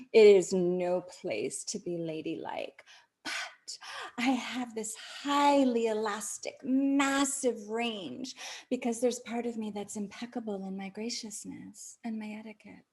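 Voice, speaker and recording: A woman podcast host telling a personal story in a soft, breathy voice that often sinks to a near whisper, chatty and laughing often. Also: medium pitch. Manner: chatty, with many "like" fillers and frequent laughs.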